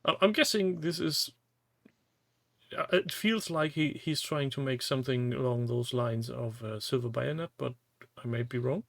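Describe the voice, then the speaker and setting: A man chatting as a guest, halting and repeating words as he starts sentences. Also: medium pitch, gravelly, a bit bright, no echo. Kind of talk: casual chat.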